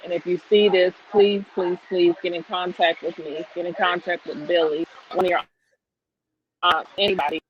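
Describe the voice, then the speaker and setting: A woman's voice: lowish voice, fairly even intonation, normal speed, slight background noise. A woman speaking as the aunt of a missing woman, making a tender, pleading appeal over a choppy video call. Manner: tender, pleading, soft-spoken. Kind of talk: emotional personal appeal. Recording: dull lo-fi video call line.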